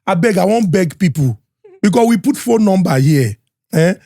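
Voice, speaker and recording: A Nigerian man hosting a podcast, doing sponsor reads and hype introductions in an energetic, Pidgin-mixed style with shouted announcements. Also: sits high, normal speed, vocal fry, no room sound, clean studio sound, faint music behind. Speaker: podcast host. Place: podcast studio.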